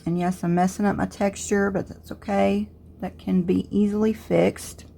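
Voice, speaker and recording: A woman's voice: mid-range voice, moderate pace, vocal fry, a little hiss or hum. A middle-aged woman with a Southern US accent who talks through a crafts tutorial step by step and thinks aloud as she works. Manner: relaxed, thinking aloud while working. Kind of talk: casual step-by-step tutorial narration.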